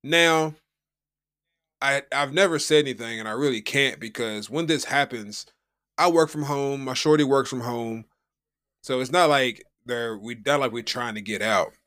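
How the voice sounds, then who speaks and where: A man's voice: medium pitch, normal speed, fairly bright tone. A man from the United States, co-hosting a podcast from home, telling a story in a rambling, slangy, casual way. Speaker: podcast co-host. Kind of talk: casual chat.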